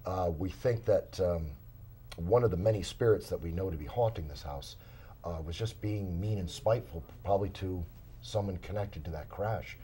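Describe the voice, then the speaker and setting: A man's voice: sits low, normal speed, warm tone, a little hiss or hum. A man, a paranormal investigator guest in a small studio, telling his stories in a casual interview with many fillers and restarts.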